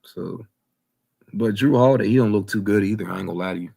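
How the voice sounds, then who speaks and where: A man co-hosting a casual basketball podcast, talking in an animated, slangy way and repeating himself as he argues. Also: on the low side, fast, gravelly. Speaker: podcast co-host. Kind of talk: casual sports chat.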